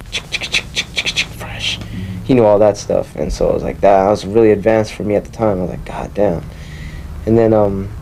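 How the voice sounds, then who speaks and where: A man's voice: lowish voice, warm tone, slight background noise. Young man rambling through a story. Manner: rambling, mimics scratch sounds with his mouth. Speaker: interviewee. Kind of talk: casual storytelling.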